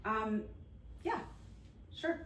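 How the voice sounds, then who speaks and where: A woman co-hosting a podcast, reflecting on her late father with a lot of pauses and fillers. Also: on the high side, expressive, a bit bright, echoey room, far from the mic, a little hiss or hum. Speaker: podcast co-host. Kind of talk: heartfelt conversation about grief.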